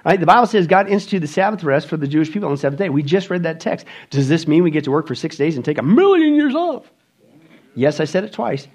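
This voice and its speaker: A man preaching a sermon, emphatic, firing rhetorical questions and swinging between loud bursts and quiet asides. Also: fairly high pitch. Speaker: pastor.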